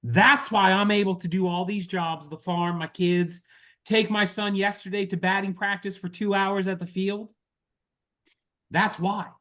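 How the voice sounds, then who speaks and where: A man's voice: sits high, a bit bright. A man leading a network marketing team, giving an earnest, impassioned motivational talk on a group video call. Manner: earnest, impassioned, repeats "y'all".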